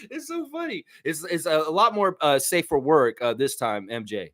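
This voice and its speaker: Male host, casual live-stream banter, quick laughs, easygoing. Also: fairly high pitch, very animated, a bit bright. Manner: chatty, laughs often, sings snippets, many fillers. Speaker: sports livestream host. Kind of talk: casual live chat reading viewer comments.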